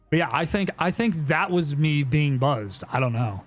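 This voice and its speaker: A man's voice: fairly high pitch, lively intonation, a little slow. A young man chatting casually on a live stream, telling a story in a rambling way with lots of fillers and swearing.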